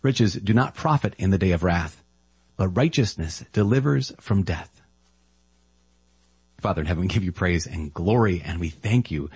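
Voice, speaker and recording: A man reading scripture aloud in a measured, solemn way, then praying. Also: deep voice, expressive, a little mellow, slightly rough, no room sound. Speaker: Bible reader.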